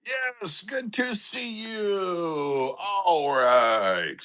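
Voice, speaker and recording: A man chats casually with viewers on his pet livestream, greeting them by name and stumbling through restarts and fillers. His voice is bright and clear, and it sits somewhat high for a man. He talks slowly, with wide, animated swings in pitch. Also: low-quality recording. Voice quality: halting, many fillers and restarts. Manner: chatty, greets viewers by name, bursts into excited shouts. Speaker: livestream host with his dog. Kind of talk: casual live-stream chat.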